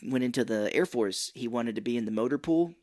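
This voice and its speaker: A man co-hosting a film podcast, chiming in with short reactions and relaxed side stories. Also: mid-range voice, fairly quick. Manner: laid-back, short reactions and side anecdotes. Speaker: podcast co-host. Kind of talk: casual chat.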